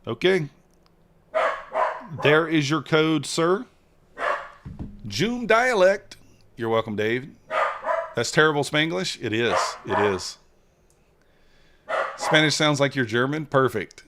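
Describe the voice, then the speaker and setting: A man hosting a casual trading livestream, chatting with viewers and reading their messages in a relaxed way. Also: medium pitch, takes it slowly, long pauses, background noise.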